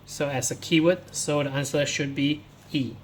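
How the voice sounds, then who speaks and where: A man's voice: on the high side, fairly even intonation, a little hiss or hum. A man teaching English, walking pupils through workbook answers and reading the text aloud step by step, starting many sentences with "so". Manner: slow, explains step by step, starts lines with "so".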